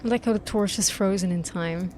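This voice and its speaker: A woman's voice: mid-range voice, brisk, a little hiss or hum. A young woman, chattily commenting on a horror game as she plays. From Netherlands. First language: Dutch. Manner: excitable, chatty, thinks aloud. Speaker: gaming streamer. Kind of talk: gameplay commentary.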